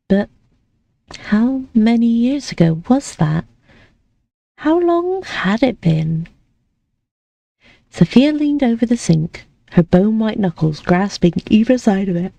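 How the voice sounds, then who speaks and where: A woman streamer reading a story aloud in a relaxed, unhurried manner. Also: mid-range voice, gravelly, dry recording. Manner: relaxed and unhurried, with casual asides.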